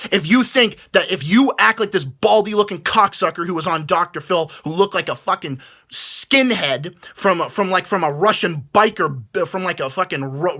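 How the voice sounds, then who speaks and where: A vlogger with a high-pitched, sharp-toned voice delivers a heated, profane rant to camera. Angry, he stumbles over his words and keeps restarting sentences.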